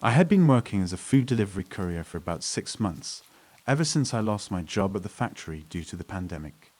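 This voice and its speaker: A man with a deep, low voice reads a first-person horror story. His narration is scripted and steady, paced evenly like a storyteller. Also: fairly quick.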